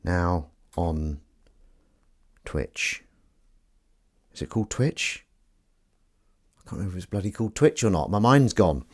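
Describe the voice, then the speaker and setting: A man live-streaming, chatting casually and rambling to himself and his viewers with self-mocking asides. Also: extremely low pitch.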